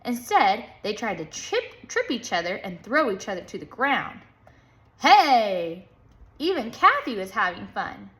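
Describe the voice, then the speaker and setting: Lively woman reading a kids' book. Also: medium pitch, moderate pace, few pauses. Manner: lively, playful, with sung rhythm sounds. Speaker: storybook reader. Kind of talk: children's book read-aloud.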